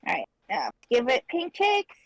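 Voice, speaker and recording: A woman's voice: high voice, wildly swooping pitch, measured pace, rough recording. Matter-of-fact woman explaining things. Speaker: livestream artist. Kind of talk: casual chat while drawing.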